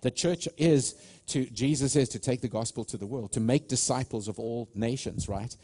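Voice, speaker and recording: A South African pastor delivers a live sermon in a church sanctuary, earnest and stop-start, often restarting and calling out to the congregation. His mid-range voice is mellow with a breathy edge, at normal speed.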